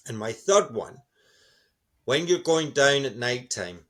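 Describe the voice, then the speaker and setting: A middle-aged man answers interview questions with enthusiasm, sounding encouraging and upbeat. His voice sits at an ordinary medium pitch for a man. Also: lively intonation, slow pace, a bit bright. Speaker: guest speaker.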